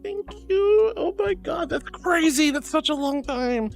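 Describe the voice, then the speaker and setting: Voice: high voice, a little slow, soft background music. A streamer in casual live-stream chat, thanking viewers and calling them sweetie and honey, laughing often.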